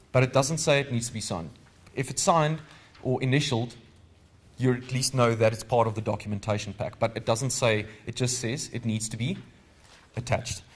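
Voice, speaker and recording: Here a man with a South African accent presents a live seminar on legal training. He talks at a typical mid-range pitch in a comfortable, chatty tone, and he keeps pausing to pose questions to the people listening.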